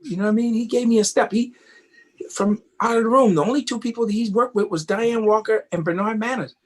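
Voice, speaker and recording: Brief: man, fairly high voice, animated interview guest, casual storyteller. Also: fairly quick. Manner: animated, keeps asking "you know what I mean?". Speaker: guest, tap dancer.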